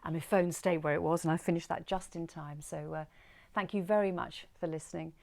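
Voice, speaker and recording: Storytime host, woman, lowish voice, calm and gentle delivery. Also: vocal fry. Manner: gentle, unhurried, soft sign-off. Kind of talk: reading a short story aloud.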